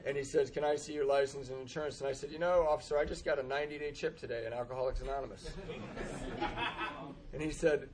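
A man's voice: medium pitch, steady tone, quick pace, a crowd in the background. A man telling a humorous personal recovery story, acting out the dialogue and laughing often at himself. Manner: self-deprecating, laughs often, acts out dialogue. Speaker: speaker sharing a recovery story.

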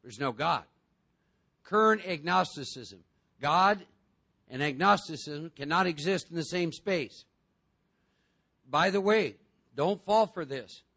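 Man, high voice, gravelly, animated group talk, acts out voices, recovery meeting speaker. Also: takes it slowly, long pauses.

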